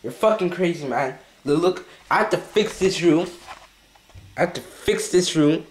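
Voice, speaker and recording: A man's voice: fairly high pitch, animated, normal speed, a little hiss or hum. Swearing man scolding in an echoey room. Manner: scolding, heavy swearing, repeating himself. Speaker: vlogger. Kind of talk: comedy skit acting.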